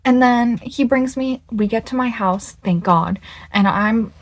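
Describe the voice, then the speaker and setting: A young woman in her twenties telling a dating story to the camera in a casual, animated way, stretching words for emphasis and swearing in disbelief. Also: a little high, unhurried. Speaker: vlogger.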